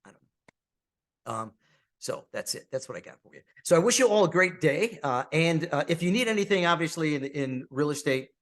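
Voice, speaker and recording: A man's voice: mid-range voice, a bit bright. A man hosting a podcast alone, talking in a friendly, outgoing, conversational way with restarts and fillers. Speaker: podcast host; real estate agent. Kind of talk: casual monologue.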